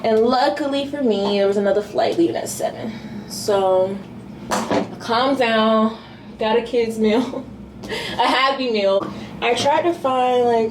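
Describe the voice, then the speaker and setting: A woman's voice: high-pitched, reverberant, noisy background. A young woman vlogger telling a story casually, swearing and acting out the people in it. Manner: animated, swears, acts out the people in her story.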